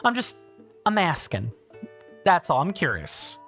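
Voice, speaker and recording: With huge swings in his fairly high, fairly bright voice, this South Carolina man in his thirties talks a little slowly. He hosts a casual game livestream in a British-sounding accent, rambling amiably through chat with fillers and restarts while soft music plays.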